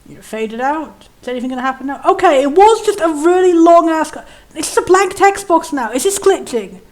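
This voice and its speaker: High-voiced woman chatting over a game. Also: animated, a little fast. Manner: chatty, rambling, full of "like" and restarts. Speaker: let's play host. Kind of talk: casual gameplay commentary. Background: faint game music.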